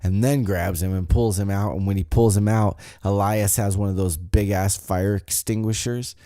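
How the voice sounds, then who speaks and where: Male podcast host, dark tone, loose profane recap style, dry room. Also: lowish voice, fairly even intonation, normal speed, no room sound. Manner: loose, rambling, profane, admits forgetting details. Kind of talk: casual wrestling recap.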